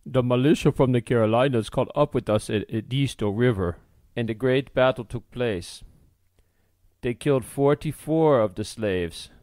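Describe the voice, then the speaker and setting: A man's voice: medium pitch, a little mellow, no room sound, studio quality, lightly acted. A man voicing a nervous pleading runaway.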